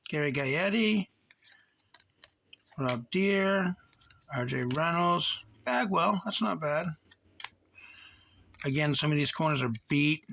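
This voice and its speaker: A man's voice: on the high side, creaky, sharp tone, slight background noise. A man hosting a card-collecting channel, chatting casually and rambling as he reads off card names while opening packs. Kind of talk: casual box-opening commentary.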